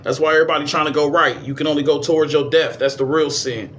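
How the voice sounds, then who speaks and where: A man giving a casual esoteric lecture, reading passages aloud and riffing on them in profane street slang, swinging between high and low registers. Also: fairly even intonation, fast, fairly bright tone, a little hiss or hum. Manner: reads passages, then riffs in profane slang.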